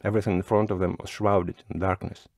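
A man narrating a classic short story in a slow, measured reading. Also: low-pitched, flat delivery, dry recording, clean studio sound.

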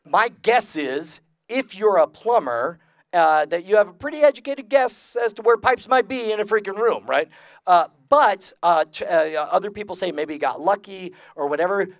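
A man's voice: sits high, animated, moderate pace, dry recording. Joking, profane male lecturer. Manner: casual, jokey, profane, many filler sounds. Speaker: lecturer and magician. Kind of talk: live convention lecture. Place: convention talk before an audience.

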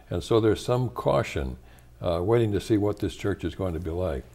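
An older man from the United States speaks low and mellow in an interview. He is measured and reflective, often pausing to gather his thoughts. His deep, relaxed tone carries an unhurried, thoughtful manner. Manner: measured and thoughtful, with frequent pauses and restarts. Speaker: interviewee, retired church leader.

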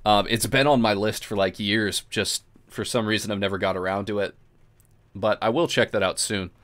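A man talks casually on a livestream, his voice sitting a little low. He swears freely and breaks into laughter mid-sentence, relaxed and chatty. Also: normal speed. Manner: laid-back, swears often, laughs while talking. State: drinking beer, burps. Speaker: host.

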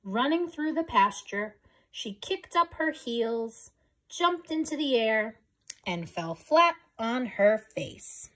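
A woman reading a children's picture book aloud in a gentle, expressive way. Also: fairly high pitch, slow pace. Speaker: storybook reader.

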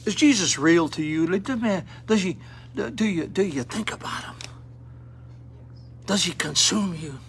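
A man's voice: high-pitched, expressive, moderate pace, long pauses, a little hiss or hum. Fervent folksy older man preaching. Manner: folksy, plain-spoken, with fervent rising appeals. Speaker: rescue mission preacher. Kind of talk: sermon. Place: mission auditorium.

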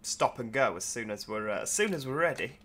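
A man's voice: mid-range voice, lively intonation, brisk, sharp tone. A tired man, rambling casually in gameplay commentary and making self-deprecating asides. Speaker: train sim video host.

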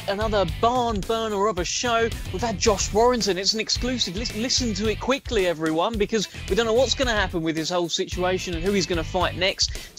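A man hosting a boxing podcast, playful and jokey, teeing up his co-host with puns and light teasing. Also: high voice. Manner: jokey, playful, quick to laugh. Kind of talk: casual podcast chat.

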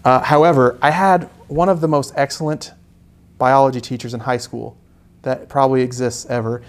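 A young man hosting a live painting lesson, relaxed and joking with chatty asides. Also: medium pitch, moderate pace. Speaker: art instructor hosting a live painting stream. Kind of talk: casual live tutorial chat.

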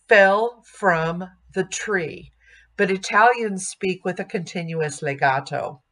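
A woman giving a music diction lesson at a very unhurried pace. Her voice sits slightly low, and she models each sound aloud with care. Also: fairly bright tone. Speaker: music teacher.

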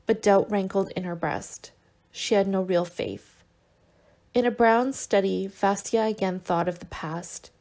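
Woman reading a novel, gravelly voice. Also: medium pitch, a little mellow. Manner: measured, in short unhurried phrases. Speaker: audiobook reader. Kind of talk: audiobook narration of a novel.

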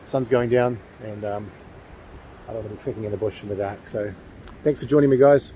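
A man's voice: on the low side, fairly even intonation, brisk, dull audio, slight background noise. A man with a New Zealand accent, vlogging outdoors near a railway tunnel in a chatty, enthusiastic, rambling way, with plenty of fillers. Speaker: paranormal vlogger. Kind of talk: casual outdoor vlog.

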